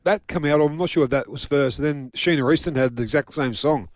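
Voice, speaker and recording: A man chatting as a radio co-host with quick interjections. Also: on the high side, a little mellow.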